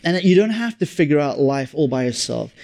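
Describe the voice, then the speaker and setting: A man's voice: a little high, lively intonation, brisk, creaky, a little mellow. Earnest South African male preacher. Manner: earnest and conversational, often repeats and restarts phrases. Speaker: pastor. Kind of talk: sermon.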